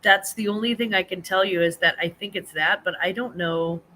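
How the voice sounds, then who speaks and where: A woman's voice: mid-range voice, fairly quick, bright, forceful tone, slight background noise, low-quality recording. A woman, hosting a casual live-stream chat, rambling with many ums and restarts. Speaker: host of a live reselling chat show.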